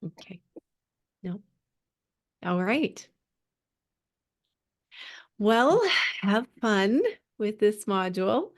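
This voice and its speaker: A woman's voice: mid-range voice, animated, extremely slow, pauses often. Woman course coach, upbeat and encouraging, laughs easily, video call audio.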